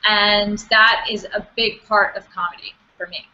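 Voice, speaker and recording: A woman's voice: medium pitch, steady tone, a little slow, pushed and bright, highs cut off. Chatty giggly woman guest. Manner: giggly and chatty, says "like" a lot. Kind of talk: casual chat.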